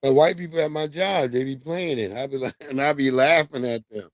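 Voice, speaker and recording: A man's voice: mid-range voice, brisk, dry recording. A man chats on his livestream in a loose, profane way, breaking into laughter as he tells stories. His voice sits close to the mic in a dry, dead room. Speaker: livestream host. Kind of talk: casual livestream commentary.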